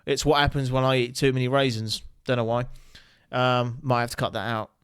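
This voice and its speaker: A man's voice: mid-range voice, fairly quick, smooth, dry recording, clean studio sound. A man, the host, giving casual joking commentary on videos. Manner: joking, chatty, animated asides.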